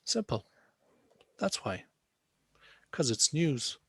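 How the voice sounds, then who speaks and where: A man's voice: a little high, big pitch swings, slow pace, vocal fry, slightly rough, no echo. A man teaching English to students on a video call, asking questions and repeating key words to coax answers. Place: online class.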